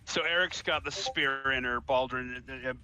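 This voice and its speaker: A man's voice: mid-range voice, normal speed, crowd noise, rough recording. A man playing a tabletop game, speaking casually and laughing often with the group. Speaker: player.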